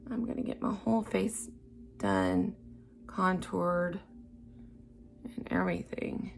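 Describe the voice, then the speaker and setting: Chatty woman with a gravelly voice, murmuring through a makeup tutorial. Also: fairly low pitch, big pitch swings, takes it slowly, pauses often, a little hiss or hum. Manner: chatty, self-narrating, unsure of herself; drops to soft murmurs while concentrating. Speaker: beginner makeup vlogger. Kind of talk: casual first-time makeup tutorial.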